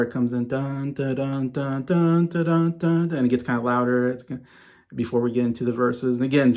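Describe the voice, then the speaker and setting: A man in his thirties talking enthusiastically and ramblingly in a casual music ranking vlog. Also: medium pitch. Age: 30s. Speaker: music vlogger.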